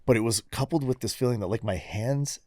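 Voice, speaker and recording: A man's voice: medium pitch, brisk, warm tone, no room sound. A man in his forties co-hosting a podcast, telling candid personal stories in casual chat and swearing freely. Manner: candid storytelling, frequent swearing. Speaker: podcast co-host.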